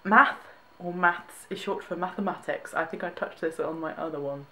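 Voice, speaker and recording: A woman's voice: low voice, fairly even intonation, brisk, fairly bright tone. A young woman from Britain reacting to tweets in a casual vlog, amused, laughing often and restarting her sentences. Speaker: vlogger.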